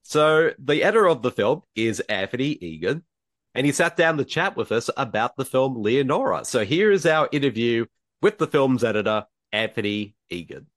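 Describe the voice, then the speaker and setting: A man hosts a podcast in an easy, chatty way and laughs often. His pitch swings widely as he talks, and his voice sits dry and close to the mic with no room sound. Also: lively intonation, normal speed, no echo. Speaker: podcast host. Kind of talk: casual podcast chat.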